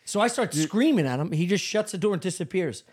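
Husky high-pitched man telling a wild story. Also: fairly quick. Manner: animated storyteller, swears a lot. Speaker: podcast co-host. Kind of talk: casual comedic chat.

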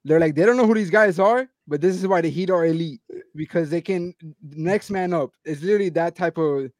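A man joins a casual sports podcast over a video call, his voice high and the sound dry and close. He talks in a playful, teasing way. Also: fairly quick, darkish tone, no room sound. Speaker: podcast guest. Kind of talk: casual postgame chat.

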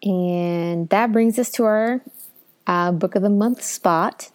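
A woman's voice: mid-range voice, takes it slowly. A woman co-hosting a casual book podcast, talking enthusiastically with many fillers. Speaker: podcast co-host. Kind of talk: casual book review chat.

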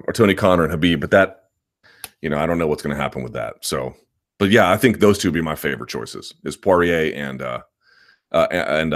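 A man hosting a live podcast, speaking in a lowish voice. He argues hard and repeats himself for emphasis, then slips into relaxed, rambling talk full of "uh" and "um". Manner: emphatic and combative, repeats points; casual with many fillers. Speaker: MMA podcast host. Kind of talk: live-stream commentary.

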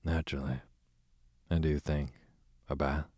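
A man reading an audiobook, voicing a languid aristocratic duke with a smooth, sarcastic drawl. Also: rumbling low, little pitch movement, moderate pace, a little mellow, dry recording, studio quality. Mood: sardonic. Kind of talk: audiobook character voice.

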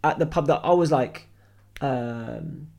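A young man, a podcast co-host telling animated, sweary anecdotes and acting out the people in them. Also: mid-range voice, takes it slowly, gravelly. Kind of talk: casual storytelling chat.

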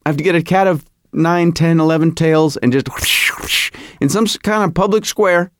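Middle-aged man, podcast host, comic monologue, rambling and self-mocking, fairly high voice, dry close sound. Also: fairly quick, no room sound.

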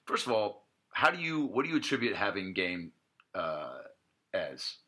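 Lively low-voiced podcast host. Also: male voice, normal speed. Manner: animated, profane riffing. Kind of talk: casual podcast chat.

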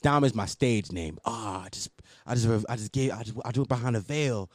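A man's voice: lowish voice, a little fast, no echo. A man hosting a podcast, telling a story in a casual, profane monologue and often laughing. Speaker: podcast host.

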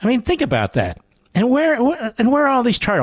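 A man's voice: very high-pitched, huge pitch swings, brisk, husky, no echo. A man hosting a radio talk show, delivering a sarcastic, mocking monologue full of rhetorical asides into a studio microphone.

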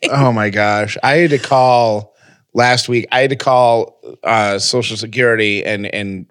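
A radio host chatting casually and telling a story with many restarts, nursing a lingering cough. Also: male voice, mid-range voice, steady tone, a little slow, a bit bright, smooth, no echo. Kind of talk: casual chat.

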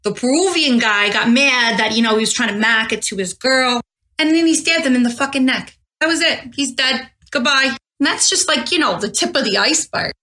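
Angry, bright-voiced woman ranting. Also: sits high, expressive, brisk.

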